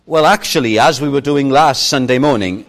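A man whose first language is Welsh, preaching a Sunday morning sermon as a slow, expressive storyteller who leans hard on key words. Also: medium pitch.

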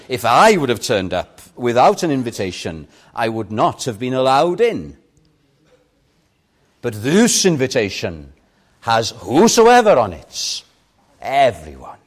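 An older man preaching a sermon with impassioned swings, rising loud on key points and dropping to a hush. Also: mid-range voice.

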